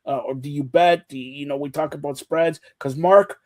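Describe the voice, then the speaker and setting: A man's voice: on the high side, normal speed. A man hosting a casual sports chat show, teasing his co-hosts and talking over them. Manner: teasing, talks over others, animated.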